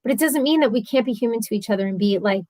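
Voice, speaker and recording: A woman's voice: on the high side, rapid-fire, a little mellow, no room sound, poor audio. A woman hosting a live stream from home, chatty and earnest, talking casually and openly at length. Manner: chatty and earnest, talks a lot.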